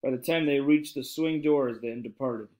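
Male reader, chapter-book narration, steady and expressive, mid pitch. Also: moderate pace, low-quality recording. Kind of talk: reading a children's novel aloud.

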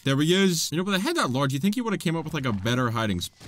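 A man giving playful, excitable gameplay commentary as a gaming YouTuber, chatting to the monsters on screen. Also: on the high side, racing, soft background music.

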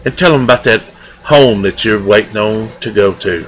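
A man giving a daily devotional, earnest and homespun in manner, with loose everyday grammar and drawn-out emphatic phrases. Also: on the low side, slight background noise, poor audio. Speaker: lay preacher. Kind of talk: folksy daily devotional sermon.

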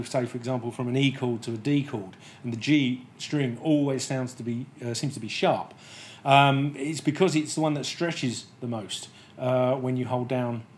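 A man's voice: mid-range voice, a little hiss or hum. Methodical male guitar tech explaining. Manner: plain, methodical, with many um and uh fillers. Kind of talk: technical explanation.

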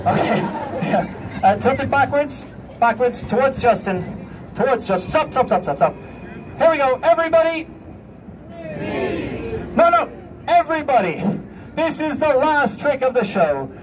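A man's voice: very high-pitched, expressive, unhurried, long pauses. A man doing a comic street show, joking and bossing his volunteers around. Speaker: street performer. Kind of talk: street show patter with crowd. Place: outdoor street show in a city. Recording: distant outdoor crowd recording. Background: crowd laughing and street noise.

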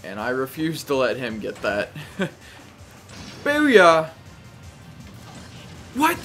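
Young male gameplay commentator: casual, animated, reactive, faint game music underneath. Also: medium pitch, moderate pace. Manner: animated, talks to the game, frequent exclamations.

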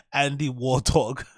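Man, reaction host, slow talker, dry close sound, laughs often, repeats names mockingly. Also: a little high, no room sound. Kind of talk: reaction commentary.

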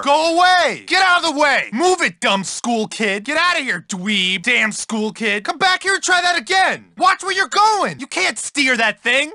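An actor playing a surly young townie dropout in a video game, bored, taunting and disdainful. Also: male voice, very high-pitched, bright, forceful tone, dry recording, studio quality, exaggerated voice. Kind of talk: video game character voice lines.

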